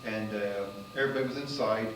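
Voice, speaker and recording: A man's voice: lowish voice, quick pace. Rambling storyteller man in a roomy space. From United States. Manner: rambling, full of "you know" fillers, grows animated and loud at the exciting parts. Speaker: magician and comedian telling a travel story. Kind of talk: casual spoken storytelling. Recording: roomy and distant with faint noise.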